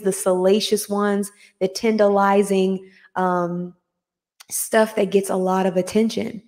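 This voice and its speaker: A woman's voice: medium pitch, a little mellow. Earnest woman hosting a live motivational talk. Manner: earnest, repetitive, greets live viewers. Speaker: podcast host.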